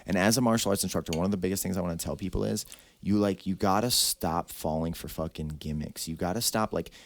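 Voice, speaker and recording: A man's voice: low voice, fast, a little hiss or hum. A man, a podcast host and martial arts instructor, talking emphatically and bluntly in casual podcast chat.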